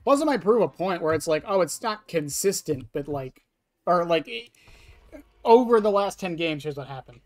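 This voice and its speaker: A man's voice: a little high, animated, normal speed, faint music behind. A young man streaming a game, rambling casually to his chat with lots of fillers and laughs. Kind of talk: casual gameplay commentary to chat.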